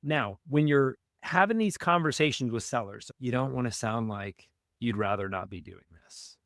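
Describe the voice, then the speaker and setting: A man's voice: medium pitch, moderate pace, no room sound, clean studio sound. A man explaining cold-calling step by step in a podcast interview, upbeat and coaching, often checking in with "right?". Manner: energetic, instructive, frequent "right?" check-ins. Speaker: real estate wholesaling guest.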